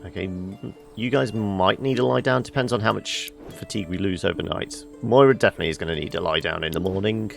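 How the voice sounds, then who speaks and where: A man streaming a game live, thinking aloud over his choices in a low, mumbly way. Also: fast talker, vocal fry, hardly any pauses, soft background music. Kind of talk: live let's play commentary.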